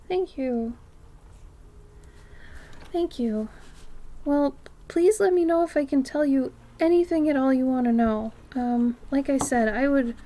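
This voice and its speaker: A female artist talks casually with the people watching her live stream, her high-pitched voice often sinking to a soft near-whisper before bursting into excited exclamations.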